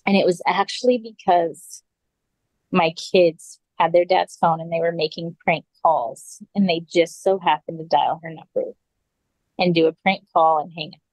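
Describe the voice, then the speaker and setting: A woman sits as a podcast guest and tells a personal story in a loose, conversational way. Her voice sits low for a woman and sounds dry and close, with no room around it. She leans on "like" and quotes each person's words as she goes. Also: a little slow, a little mellow, no room sound, low-quality recording. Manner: casual, full of "like" and quoted dialogue.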